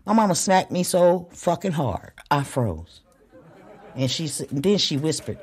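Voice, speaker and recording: A woman hosting a podcast, talking bluntly in a casual, profane monologue that swings between loud and hushed. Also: on the low side, animated, normal speed, breathy edge, faint music behind. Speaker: podcast host.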